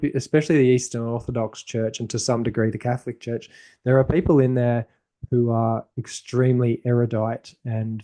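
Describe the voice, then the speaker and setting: Mellow-voiced man musing in conversation. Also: medium pitch. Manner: thoughtful, rambling with restarts. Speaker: podcast host. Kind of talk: casual conversation.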